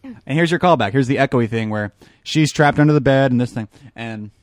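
A man's voice: medium pitch, a little fast, no echo. A man hosting a casual movie commentary chat, wry and irreverent, swearing casually. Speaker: podcast host.

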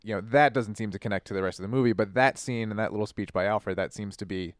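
A man in a casual film commentary, speaking in a thoughtful, measured way. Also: fairly low pitch, no room sound, studio quality. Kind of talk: casual movie commentary chat.

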